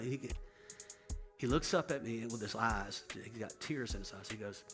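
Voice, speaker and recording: A man's voice: on the low side, normal speed, a bit bright, soft background music. A middle-aged male pastor telling a sermon story, acting out the dialogue with rising intensity.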